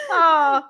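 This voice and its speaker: A woman's voice: high voice, pushed and bright. A woman from Hawaii hosting a casual comedy podcast stream, giggling often and reading chat comments aloud.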